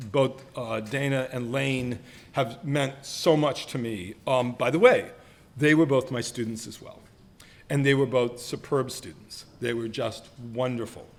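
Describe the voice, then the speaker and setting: A man's voice: mid-range voice, a little hiss or hum. A man in his sixties giving a self-deprecating roast speech, teasing colleagues with playful mock voices. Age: 60s. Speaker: retiring professor being roasted. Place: banquet hall.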